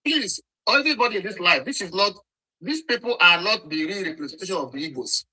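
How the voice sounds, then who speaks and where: A man's voice: sits high, expressive, quick pace, sharp tone, breathy edge, low-quality recording. A man with a Nigerian accent arguing heatedly in an online live debate, scolding and repeating himself as he talks over interruptions. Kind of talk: heated argument.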